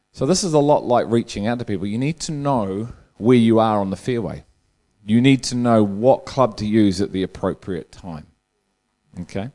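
A man's voice: on the low side, darkish tone. A man preaching a humorous sermon, telling a long joke as a storyteller who chuckles through his own punchlines.

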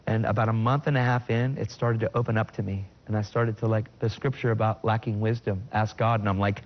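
A middle-aged man telling his personal faith testimony in conversation. He speaks earnestly and with feeling, and his voice jumps high in sudden bursts when he quotes himself. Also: fairly even intonation, fairly quick, hardly any pauses, lo-fi sound. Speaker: guest sharing his testimony.

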